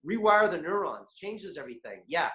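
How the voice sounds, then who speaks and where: A man hosting a motivational online masterclass, energetic and constantly asking his viewers questions. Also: fairly high pitch, normal speed, echoey room. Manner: animated, keeps asking the chat audience questions. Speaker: webinar host.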